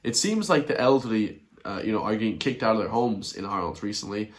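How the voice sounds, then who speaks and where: A man's voice: fairly low pitch, animated, fast talker. A man doing a blunt, repetitive rant in a video commentary, chuckling between his points. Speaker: online commentator.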